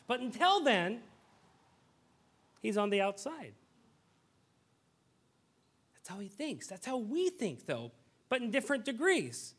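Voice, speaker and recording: A male pastor in his thirties delivering a sermon, his voice sitting a bit higher than most men's. He tells stories in a conversational, animated way. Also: measured pace, pauses often.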